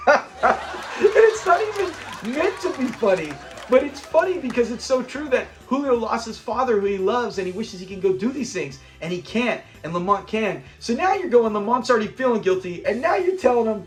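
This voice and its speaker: High-pitched guy recapping an old sitcom ep, acts out the lines as he goes, casual chat. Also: fairly quick, soft background music. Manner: animated retelling, acting out characters' lines. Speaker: host of a classic TV channel. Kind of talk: casual episode breakdown.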